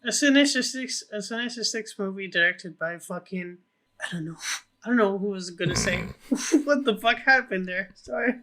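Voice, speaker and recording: A man co-hosting a casual film podcast, excitable and rambling, swearing often. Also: sits high, moderate pace. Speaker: podcast co-host.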